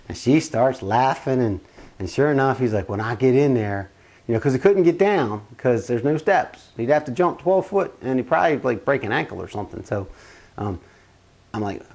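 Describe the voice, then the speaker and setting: A man's voice: medium pitch, moderate pace, gravelly. A man telling a personal family story in a casual, rambling way, acting out the quotes as he goes. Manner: animated, rambling, acts out quotes.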